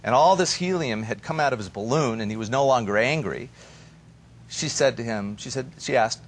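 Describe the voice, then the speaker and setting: A man as a therapist guest on a TV talk show, giving relationship advice in an animated, storytelling way. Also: mid-range voice, moderate pace, slight background noise. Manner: animated storyteller who acts out quoted voices.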